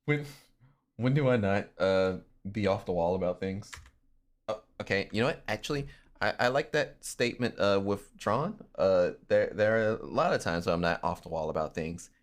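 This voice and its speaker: A man's voice: on the low side, moderate pace. A man chatting casually on a livestream, swearing freely and often breaking into laughs. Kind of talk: casual stream chat.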